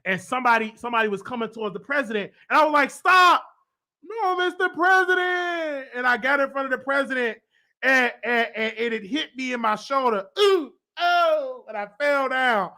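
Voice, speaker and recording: A man with a Southern US accent hosting a show, rambling excitedly in a casual monologue that swings into loud emotional outbursts. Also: very high voice, brisk. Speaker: show host.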